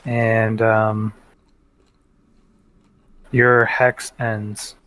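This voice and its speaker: A man's voice: on the low side, little pitch movement, a bit bright, smooth. A man playing a tabletop game, hesitant and a little bashful as he reads his turn. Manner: slow, hesitant, bashful laughs. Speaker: player. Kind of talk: casual tabletop play.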